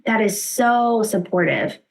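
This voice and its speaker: A woman teaching a lecture on children's emotional needs, explaining calmly and often checking in with "right?", sometimes acting out short example phrases. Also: medium pitch, slow, vocal fry, low-quality recording. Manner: explains warmly with frequent "right?" check-ins; acts out short example phrases a parent might say. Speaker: therapist lecturer. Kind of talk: instructional lecture.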